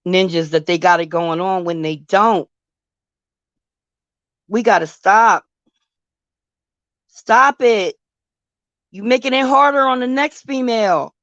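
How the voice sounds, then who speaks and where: A woman hosts a casual live stream and talks back to her chat in a sassy, drawn-out way. She speaks at a slow, unhurried pace. The sound is dry and a little dull. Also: medium pitch, fairly bright tone, dry recording. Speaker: host.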